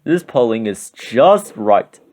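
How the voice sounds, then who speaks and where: A man voicing a jolly old Santa Claus in a storybook reading, drawing his words out slowly. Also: medium pitch, big pitch swings, a little mellow. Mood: savoring. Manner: slow, drawn-out exclaiming.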